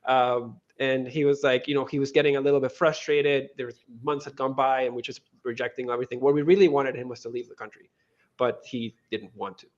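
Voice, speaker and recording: A man, guest on an interview, telling a story in animated casual talk full of restarts and quoted dialogue. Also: mid-range voice, brisk, dull audio. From Venezuela. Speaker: guest, crypto lending co-founder.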